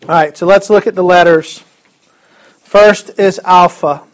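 A man's voice: high voice, steady tone, a little slow. A man teaching a Greek alphabet class in a classroom, upbeat and chatty with joking asides. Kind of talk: classroom lesson.

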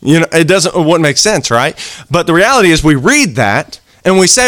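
A man's voice: fairly high pitch, very animated, a little fast, a bit bright, no room sound, studio quality. A man preaching a sermon in an earnest, conversational way, acting out little quoted exchanges.

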